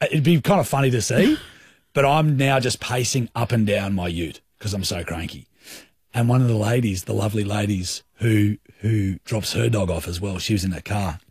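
A man with an Australian accent co-hosting a radio show, telling a story in animated, colloquial banter. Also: mid-range voice, husky, no echo, studio quality. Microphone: studio microphone.

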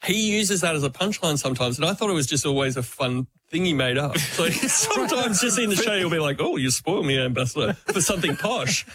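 Aussie radio guy, kinda high voice, relaxed, amused. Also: brisk, few pauses. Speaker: radio host. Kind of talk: casual chat.

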